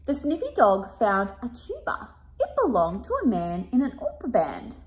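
A woman reading a picture book aloud to children, expressive and chatting to her young listeners in between. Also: fairly high pitch, moderate pace.

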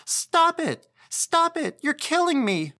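A woman's voice: flat delivery, a little slow, bright, forceful tone, smooth, no room sound, clean studio sound. A man doing a shrieking little girl in terror. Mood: screaming. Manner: shrill, shrieking. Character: terrified furious little girl screaming.

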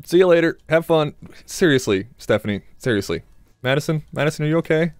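A man's voice: on the high side, animated, quick pace, no room sound, studio quality. A young man doing crude, joking let's play commentary, laughing and talking back to game characters. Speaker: gamer.

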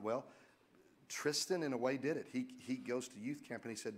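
Middle-aged male pastor, lively joking preacher, bursts of loud emphasis. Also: mid-range voice, normal speed, slightly rough. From United States. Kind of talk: sermon.

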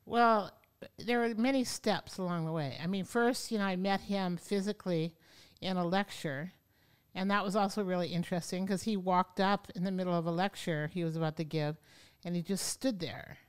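Animated woman with a smooth voice. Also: on the low side. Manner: animated, acts out quotes. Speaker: kundalini yoga teacher and guest. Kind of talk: storytelling in an interview. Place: podcast studio.

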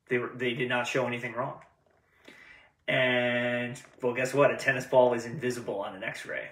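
A man's voice: medium pitch, far from the mic. A man hosting a vet podcast, telling cautionary tales and corny jokes in a casual chat. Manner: storytelling, lively joke delivery. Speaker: veterinarian podcast host. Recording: roomy, from off the mic.

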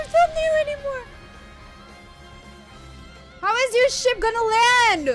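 A woman with a very high, lively voice reacts to an anime episode as it plays. She talks at an unhurried pace, exclaiming and laughing often. Faint music plays behind her. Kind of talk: live reaction commentary.

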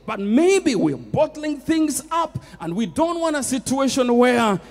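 A man's voice: very high-pitched, sing-song, measured pace, vocal fry, in a large hall. A man with a Kenyan accent preaching a sermon, emphatic and full of repeated refrains. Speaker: pastor. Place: church.

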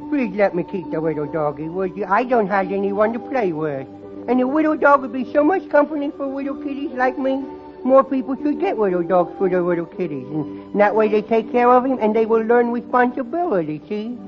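A man's voice: high-pitched, lively intonation, a little fast, over music. A man voicing a mischievous, wheedling little boy who talks in giggly, ungrammatical baby talk in a 1940s radio comedy. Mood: pleading. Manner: lisping baby talk, giggly, bad grammar. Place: radio studio before live audience. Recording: muffled vintage radio, audience laughter, hiss.

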